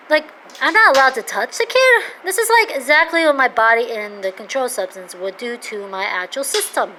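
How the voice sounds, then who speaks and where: A woman in her thirties talking in a casual, rambling monologue, excitable and jumping between topics. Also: moderate pace, few pauses, slight background noise, rough recording. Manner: excitable, rambling, jumps to loud high-pitched outbursts. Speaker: vlogger.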